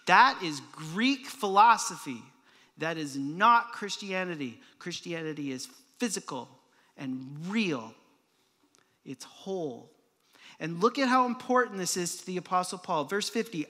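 A man preaching a sermon as pastor, casual and joking, with quick asides and playful sound effects. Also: high-pitched, sharp tone. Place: church sanctuary. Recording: church hall reverb.

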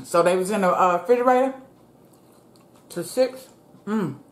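A woman's voice: medium pitch, normal speed. Chatty woman vlogger talking to viewers. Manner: chatty, keeps addressing viewers as y'all. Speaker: mukbang vlogger. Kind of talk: casual eating-show chat. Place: at home. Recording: roomy echo.

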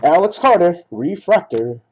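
Excitable man calling out pulled cards. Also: high voice, a little slow, husky, dull audio. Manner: rattles off names, excited at big hits. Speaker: card break host. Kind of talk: live card-opening commentary.

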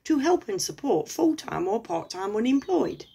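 A woman's voice: fairly high pitch, big pitch swings, normal speed, gravelly, dark tone, slightly rough, voice pushed up, full character voice. A woman mimicking a smarmy male scammer.

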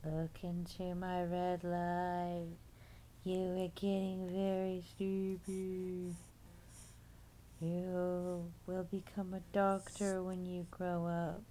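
A woman putting on a slow, low, droning mock-hypnotist voice to give commands to her baby. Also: dark tone, a little hiss or hum, poor audio.

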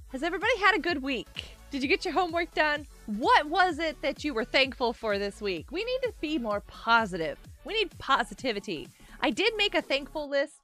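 A bright, high-voiced young woman chats to her stream viewers in a bubbly, giggly way. Her pitch swings up and down a lot as she talks. Faint music plays underneath. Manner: bubbly, chatty, laughs often, talks to chat. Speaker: livestream host. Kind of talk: casual gaming livestream chat.

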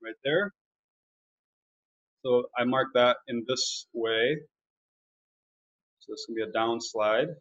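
Male violin teacher on a webinar, relaxed explainer, mid-pitched voice, lo-fi audio. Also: takes it slowly, pauses often, soft background music. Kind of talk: live online music lesson.

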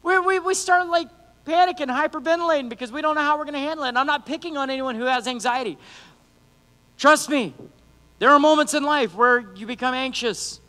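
Casting: lively, bright-toned male preacher, conversational, in a reverberant church hall. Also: extremely high pitch, a little fast. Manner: animated, conversational, acts out quotes. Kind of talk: sermon.

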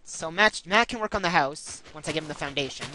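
A man with a high, sharply bright voice chats through a block-building game with friends. He bosses the others around and cracks jokes, now and then bursting into loud excited shouts. A faint hiss sits under the recording. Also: fast, rough recording. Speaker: gamer. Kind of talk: casual gameplay chat.

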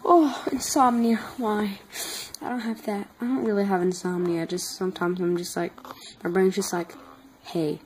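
A woman's voice: medium pitch, fairly even intonation, normal speed, dark tone, poor audio. Sleepy yawning young woman vlogger. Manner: drowsy, yawning, rambling. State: exhausted. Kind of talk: sleepy late-night chat to camera. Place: home at night, by a couch. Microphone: phone. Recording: faint background noise.

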